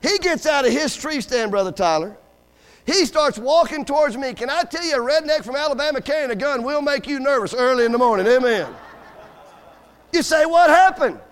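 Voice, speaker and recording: A man's voice: very high voice, expressive, a little fast, fairly bright tone, in a large hall. A man preaching a sermon as a guest speaker, telling joking stories and calling for amens. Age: adult with school-age kids. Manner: folksy, joking storyteller with call-and-response amens. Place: church sanctuary.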